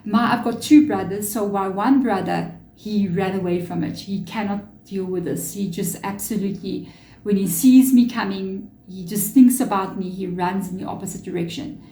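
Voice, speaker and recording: A woman's voice: medium pitch, normal speed, warm tone, echoey room, poor audio. A woman giving a chatty, earnest tarot reading to her viewers, with spiritual asides. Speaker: tarot reader.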